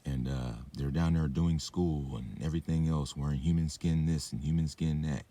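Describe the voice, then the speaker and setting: Brief: young man, deep dark husky voice, meandering profane rant, lots of "like" and "uh", talks while drinking and smoking. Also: fairly even intonation, moderate pace. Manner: meandering, profane, filler-heavy. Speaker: vlogger. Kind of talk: rambling monologue rant.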